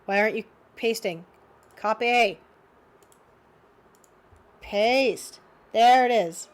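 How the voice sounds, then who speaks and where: A woman's voice: fairly high pitch, drawn-out words. A young woman with a slight cold giving an unscripted drawing lesson, thinking aloud with many fillers. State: sniffly cold. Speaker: art teacher.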